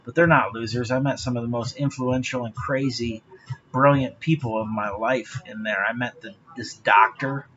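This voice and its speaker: A man's voice: medium pitch, steady tone, normal speed, fairly bright tone, lo-fi sound, a little hiss or hum. A man talking straight to his viewers in a rambling, profane monologue, laughing often. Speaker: vlogger.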